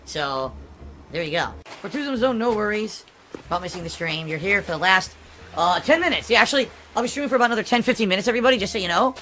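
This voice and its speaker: A man's voice: high voice, animated, fast, sharp tone, a little hiss or hum. A man live streaming, reading viewer tips aloud and answering them in a defensive, dismissive way, heard as a clip played back.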